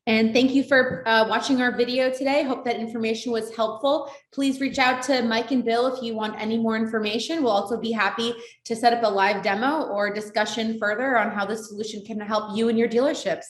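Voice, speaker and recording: A woman's voice: on the high side, steady tone, fairly quick, few pauses. A woman closing a product demo video with a polite, courteous scripted sign-off. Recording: roomy echo.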